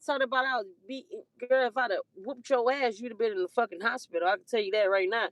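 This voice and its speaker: A woman's voice: fairly high pitch, fast talker, dry recording. A woman telling a story in a casual, profane rant, swearing heavily and laughing between heated lines.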